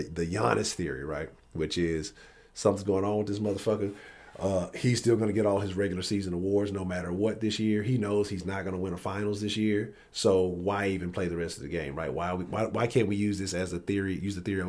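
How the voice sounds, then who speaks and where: A man's voice: sits low, darkish tone. A man hosting a live-stream sports talk show, ranting bluntly and profanely. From Houston area.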